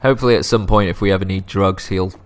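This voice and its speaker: A man's voice: low voice, steady tone, quick pace. A man narrating a video game playthrough, cracking self-deprecating jokes. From England, Lancashire. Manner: joking, self-deprecating asides. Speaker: let's play host. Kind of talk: video game let's play commentary.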